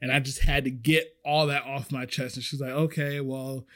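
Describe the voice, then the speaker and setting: A man casually telling a story about his restaurant job, animated and swearing freely. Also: mid-range voice, fairly quick. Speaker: restaurant server.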